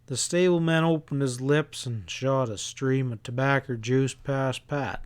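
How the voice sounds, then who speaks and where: A male audiobook narrator reading at an unhurried, slow pace. His tone is smooth and resonant, and each line comes out steady and measured. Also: mid-range voice.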